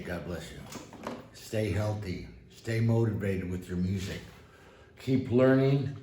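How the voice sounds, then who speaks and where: A man giving a casual piano lesson, relaxed and encouraging, with folksy asides as he plays. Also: lowish voice, slight background noise. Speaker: piano teacher. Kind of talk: casual instructional talk at the piano. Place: room with a piano. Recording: roomy sound with piano under the voice.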